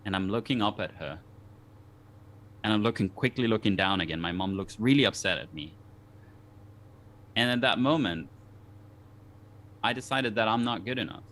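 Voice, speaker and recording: A man's voice: fairly low pitch, moderate pace, pauses often, a bit bright. A man from Denmark, a guest on a talk show, telling a personal story in an earnest, reflective way with many restarts.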